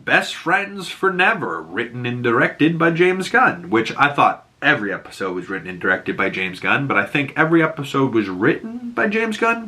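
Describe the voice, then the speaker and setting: A man with a Boston accent hosts a casual TV recap, his voice bright and forceful. He laughs often and slips into high put-on voices to act out lines. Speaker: YouTube show host.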